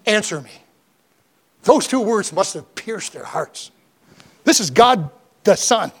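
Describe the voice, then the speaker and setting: A man's voice: sits high, expressive, takes it slowly, breathy edge. A man preaching a sermon as pastor, fervent and rising in emphasis, reading scripture aloud in old-fashioned wording.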